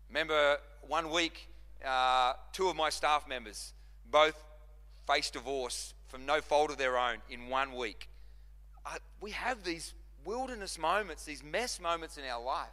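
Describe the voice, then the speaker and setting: A man's voice: fairly high pitch, sharp tone. A man preaching a sermon as pastor, impassioned, repeating and restarting phrases as he drives his points home. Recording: long reverb of a large hall.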